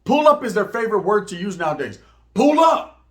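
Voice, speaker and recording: A man from Northern California, talking to camera as a YouTuber in casual opinion commentary, animated and slangy, full of rhetorical asides. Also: high-pitched, fast.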